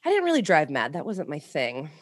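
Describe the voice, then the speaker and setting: A woman hosting a podcast in an animated, chatty way, full of fillers. Her pitch swings widely as she tells stories. The sound is dry and close to the mic. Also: a little fast, husky, dry recording. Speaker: podcast host. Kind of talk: casual chat.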